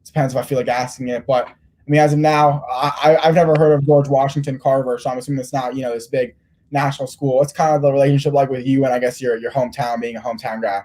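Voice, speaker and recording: A man's voice: mid-range voice, little pitch movement, fast talker, warm tone. A man interviewing a young player, rambling with lots of restarts. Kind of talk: casual interview.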